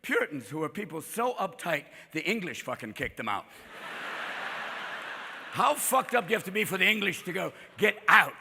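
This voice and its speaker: Manic, high, gravelly male stand-up comic. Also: sing-song, sharp tone, in a large hall, slight background noise. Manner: rapid-fire, manic, profane, constant character voices. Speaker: stand-up comedian. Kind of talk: stand-up comedy set. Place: live comedy venue with audience. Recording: live show, faint crowd and ambience.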